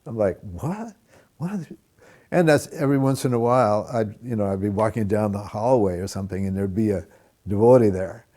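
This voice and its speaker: A man with a lowish, mellow voice tells a story from his student days. He acts out the people he quotes with big jumps in pitch and laughs as he goes. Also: fairly quick. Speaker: interviewee recalling the past. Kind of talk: animated storytelling.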